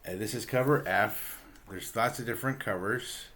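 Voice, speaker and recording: Laid-back low-voiced man reviewing a comic. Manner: relaxed, halting, many ums and uhs, chuckles often. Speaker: book reviewer, channel host. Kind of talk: casual comic book review.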